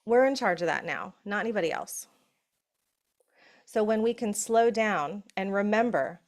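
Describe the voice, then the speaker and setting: A middle-aged woman giving a conversational motivational talk, often asking "right?" and slowing into soft, hushed affirmations. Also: medium pitch, lively intonation. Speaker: summit speaker. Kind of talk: motivational talk on breath and safety.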